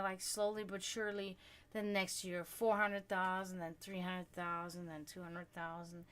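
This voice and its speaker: A woman hosting a livestream, chatting casually with her viewers and telling stories in an animated, profane way. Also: mid-range voice. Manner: chatty, swearing freely, animated storytelling. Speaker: livestream host. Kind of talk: casual chat with stream viewers.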